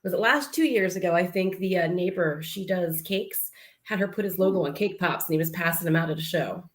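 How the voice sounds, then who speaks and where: Woman guest on a podcast, lowish voice, laughs a lot, jumps in. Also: fairly quick. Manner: laughs often, chimes in. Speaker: podcast guest, snake breeder. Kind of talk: casual chat.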